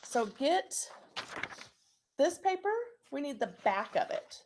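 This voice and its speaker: A woman with a fairly high voice gives a recorded phonics lesson to young children. She speaks slowly and patiently and spells each word out letter by letter. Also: very animated, darkish tone, a little hiss or hum. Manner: slow, patient, spelling out letters and clapping syllables. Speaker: teacher.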